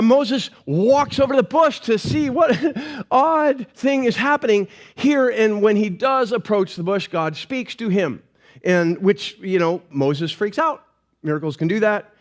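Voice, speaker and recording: A man preaching a sermon as a pastor, telling the story casually and chattily, often adding "right?" and tripping over repeated words. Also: sits high.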